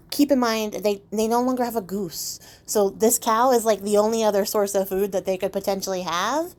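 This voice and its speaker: A young woman retelling a fairy tale in a loose, chatty way, with sarcastic asides and plenty of fillers. Her voice sits at an everyday middle pitch. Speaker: channel host, storyteller. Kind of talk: casual storytelling.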